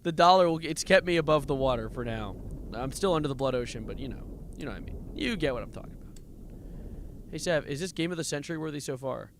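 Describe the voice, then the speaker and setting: A man's voice: fairly high pitch, animated, quick pace, a little hiss or hum. A man streaming a game live, nervously muttering coordinates, reading chat and breaking into sudden exclamations. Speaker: livestreamer playing a game.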